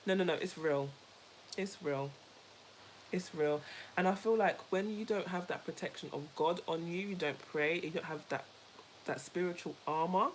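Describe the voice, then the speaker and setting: A woman co-hosting a casual chat, telling a story in an animated, emphatic way, repeating herself and laughing easily. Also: lowish voice, normal speed, slight background noise, low-quality recording. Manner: laughs easily while talking. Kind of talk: casual chat with a co-host and viewers.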